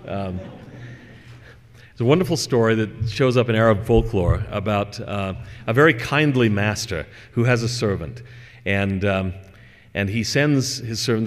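A man giving a religious lecture to an audience in a hall, reading scripture and chatting through digressions with fillers. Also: lowish voice. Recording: long hall reverb.

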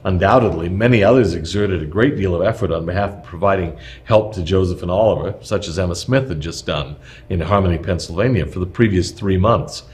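A man with a low-pitched voice reads a scripted historical text aloud, measured and steady, with occasional small slips.

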